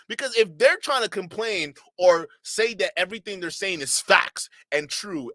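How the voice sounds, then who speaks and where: A man hosting a commentary channel, talking to chat in an animated, sarcastic, rambling way. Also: sits high, no echo. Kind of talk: reaction commentary.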